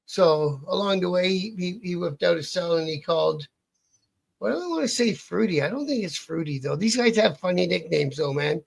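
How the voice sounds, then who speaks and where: Man, husky and gravelly, rambling profane storyteller. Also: sits high, expressive, moderate pace. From Canada. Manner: rambling, profane, self-interrupting. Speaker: interview guest, outlaw biker. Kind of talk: casual storytelling.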